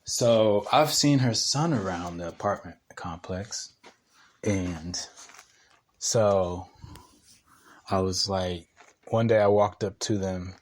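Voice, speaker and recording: Brief: young man, low-ish voice, slangy podcast storyteller, laughs a lot, rambles. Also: slow pace, pauses often, slight background noise. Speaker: podcast co-host. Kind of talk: casual storytelling chat.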